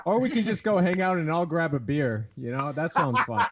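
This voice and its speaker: A man's voice: fairly high pitch, sing-song, fairly quick, lo-fi sound. A man hosting a podcast, talking with enthusiasm and laughing often. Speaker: podcast host. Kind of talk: casual podcast chat.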